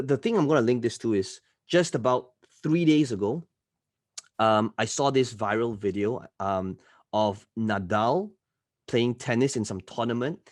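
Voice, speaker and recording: A man who is a podcast guest and entrepreneur, telling stories in an animated, emphatic way and often tagging his points with "right?". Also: mid-range voice, no echo, clean studio sound. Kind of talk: podcast interview storytelling.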